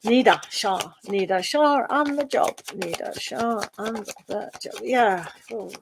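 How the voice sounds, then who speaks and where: Laughing often as she wanders from topic to topic, a middle-aged tarot reader talks casually during a live stream. She has a creaky, mid-range voice with lively intonation, takes things slowly, and the audio is very noisy.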